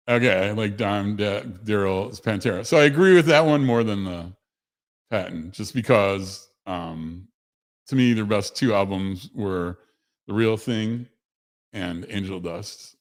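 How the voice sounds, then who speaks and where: A man's voice: lowish voice, measured pace. A man hosting a casual livestream, rambling conversationally with self-corrections and answering chat messages. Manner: reads chat messages aloud to viewers. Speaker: host of a livestream show.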